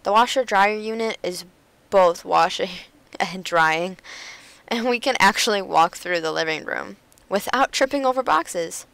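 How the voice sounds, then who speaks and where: A woman's voice: medium pitch, measured pace, vocal fry, fairly bright tone, clear, resonant tone, dry recording, poor audio. A woman playing a dating game on stream, reading the text aloud and making jokey, dramatic asides with plenty of laughs. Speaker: gamer. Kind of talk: let's play commentary and reading.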